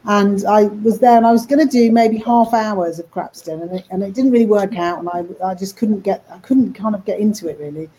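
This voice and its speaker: A woman's voice: mid-range voice, brisk, few pauses, mellow, a little hiss or hum, low-quality recording. A woman talking casually about her work in animation and voice acting, rambling with restarts. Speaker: animator and voice actor. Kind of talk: casual interview talk.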